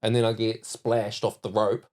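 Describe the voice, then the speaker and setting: Animated New Zealand man telling a story. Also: on the low side, normal speed. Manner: animated storyteller, laughs and acts out quotes. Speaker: podcast host. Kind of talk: casual chat.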